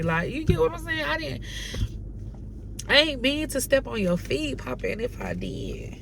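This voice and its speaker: A woman's voice: on the high side, normal speed, slight background noise. Young woman telling a storytime vlog. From North Carolina. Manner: animated, slangy retelling with quoted dialogue. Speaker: vlogger. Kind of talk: casual storytime.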